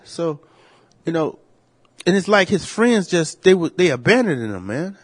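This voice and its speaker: Blunt man with a lively voice. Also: fairly high pitch, a little slow. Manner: blunt, opinionated, slangy and profane. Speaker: podcast co-host. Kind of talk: casual chat.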